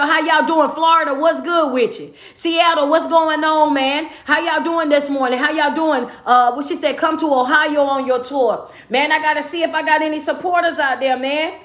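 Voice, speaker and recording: Woman livestream host, high-pitched and hyped, echoey room. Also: steady tone, normal speed, few pauses, a bit bright. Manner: hyped, calls out to viewers by place. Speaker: motivational speaker and livestream host. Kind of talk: casual livestream shout-outs.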